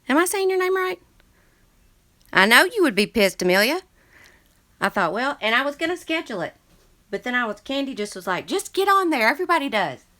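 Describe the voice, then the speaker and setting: A woman with a bright, forceful voice hosts a relaxed craft livestream. She rambles cheerfully, loses her train of thought, and greets viewers by name as she reads their chats. Her voice sounds close and dry, with little room sound. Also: fairly high pitch, no echo. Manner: chatty and scattered, reading viewer chats aloud. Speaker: crafting channel host. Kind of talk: casual livestream chat. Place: craft room full of books.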